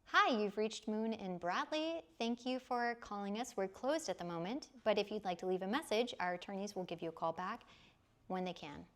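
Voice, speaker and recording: A polished law firm receptionist delivers an answering machine greeting, courteous and measured. The tone is professional and tidy, unhurried , with a woman playing it in her work voice. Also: medium pitch, fairly bright tone, close to an everyday voice.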